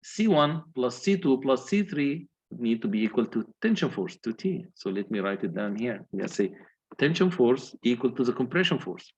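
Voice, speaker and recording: Husky-voiced man giving an engineering lecture. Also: mid-range voice, sing-song, moderate pace, muffled recording. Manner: methodical, asks the class questions. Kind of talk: university lecture, working through calculations.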